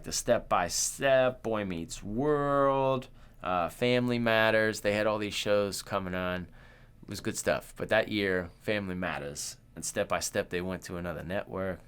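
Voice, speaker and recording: A man's voice: lowish voice, a bit bright, smooth. A man co-hosting a podcast, chatting casually in a loose, profane, joking way. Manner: loose, profane, joking, puts on voices in retellings. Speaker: podcast co-host. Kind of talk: casual chat.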